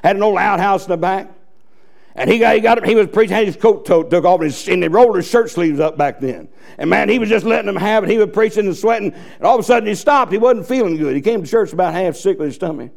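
High, gravelly preacher man. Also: fast talker, a little mellow. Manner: fiery, folksy, preaching with bursts of emphasis. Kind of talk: sermon.

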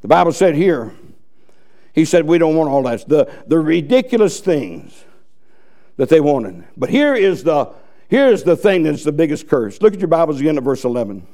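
A man's voice: fairly high pitch, very animated, moderate pace, dark tone. A man preaching a fiery, folksy sermon with bursts of emphasis.

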